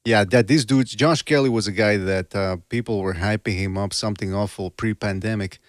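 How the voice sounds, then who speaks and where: Pria pembawa acara podcast tinju, suara kering. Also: male voice, fairly low pitch, no echo, clean studio sound. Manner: animated, joking, quick to laugh. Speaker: podcast host. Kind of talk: casual boxing podcast chat.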